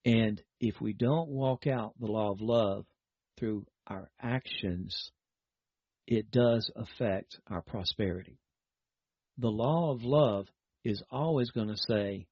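Male radio preacher, husky, earnest exhortation, dry dull broadcast sound. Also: mid-range voice, moderate pace, no echo. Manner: earnest, exhorting, leads a prayer. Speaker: radio Bible teacher. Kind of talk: broadcast sermon. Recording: dull lo-fi broadcast with faint music.

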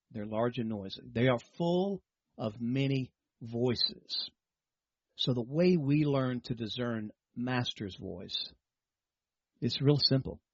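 A man's voice: medium pitch, slightly rough, dry recording, highs cut off. A man preaching a sermon in a teaching manner, often repeating words and asking rhetorical questions.

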